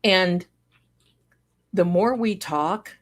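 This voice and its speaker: A woman's voice: lowish voice, extremely slow. A middle-aged woman hosting a casual live stream, chatting with viewers in a rambling way and breaking into song and laughter. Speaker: livestream host.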